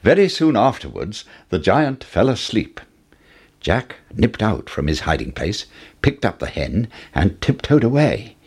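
A man reading a fairy tale aloud as a storyteller, with expressive rises and falls. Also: unhurried, husky. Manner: expressive, with wide swings in pitch.

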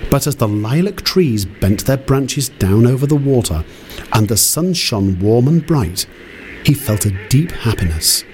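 A man reading a fairy tale aloud in an expressive storybook manner, with faint noise behind. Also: medium pitch, measured pace. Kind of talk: storybook narration.

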